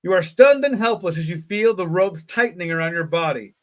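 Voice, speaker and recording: A man's voice: high voice, fairly quick. A man co-hosting a live podcast, reading a gamebook aloud and breaking off into joking asides. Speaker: podcast co-host. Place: live online show.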